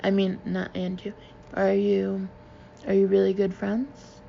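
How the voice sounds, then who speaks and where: A woman voicing a bubbly, warm young female friend talking on the phone. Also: medium pitch, monotone, a little slow, gravelly, muffled recording, slight background noise. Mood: wistful.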